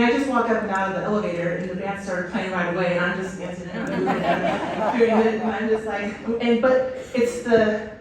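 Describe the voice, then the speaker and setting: A woman's voice: medium pitch, darkish tone, a little hiss or hum. A woman coach giving an enthusiastic storytelling speech to a stadium crowd, with many fillers. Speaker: head volleyball coach, guest speaker. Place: outdoor stadium. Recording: echoey stadium PA from far off.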